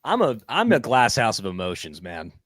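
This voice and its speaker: A man's voice: lowish voice, huge pitch swings, a bit bright, no echo. Guy cracking jokes on a tennis watchalong from home, big drawn out reactions, dry close mic. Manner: joking, emphatic, drawn-out reactions. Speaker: co-host. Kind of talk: live watchalong commentary. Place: home streaming setup.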